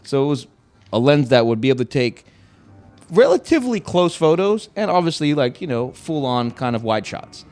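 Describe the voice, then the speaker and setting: Young podcast dude ranting about a job, voice jumps all over, acts out everyone. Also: male voice, medium pitch, moderate pace, faint music behind. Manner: animated, swearing, acts out quotes. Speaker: podcast host. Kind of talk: casual storytelling chat.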